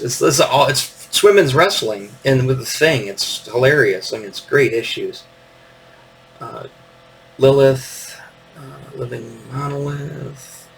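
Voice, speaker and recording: A man's voice: mid-range voice, creaky, fairly bright tone, distant mic, low-quality recording. A man in his fifties hosting a casual show-and-tell, meandering with lots of fillers and little chuckles. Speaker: podcast host.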